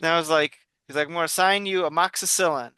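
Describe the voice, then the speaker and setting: A man's voice: fairly high pitch, fairly even intonation, fast, pushed and bright, smooth, no room sound. A man in his forties co-hosting a casual podcast, telling jokey self-deprecating stories. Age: 40s. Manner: joking, self-deprecating storyteller. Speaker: podcast co-host. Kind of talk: casual chat.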